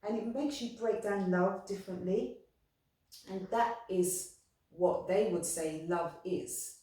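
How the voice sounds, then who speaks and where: A woman's voice: medium pitch, slow, mellow. Earnest woman in an echoey room. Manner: heartfelt, repetitive, rambling with restarts. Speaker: spiritual medium. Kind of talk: earnest spiritual talk. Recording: echoey room, distant mic.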